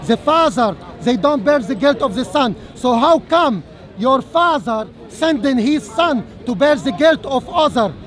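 A man with a very high voice argues outdoors at a speakers' corner, halting often on fillers and restarts, then pressing his point with repeated rhetorical questions. A faint murmur of crowd chatter sits behind him in the open air. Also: expressive, fairly bright tone. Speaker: street debater. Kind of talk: heated open-air religious debate.

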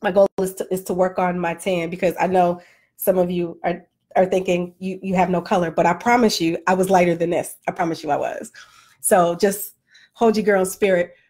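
A woman in a casual, comedic vlog rant, animated and self-deprecating, still winded and flushed from a workout. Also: on the low side, brisk. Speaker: vlogger.

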